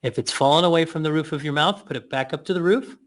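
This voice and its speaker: A man leading a guided breathing and mouth exercise, giving slow cues with playful asides. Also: on the high side.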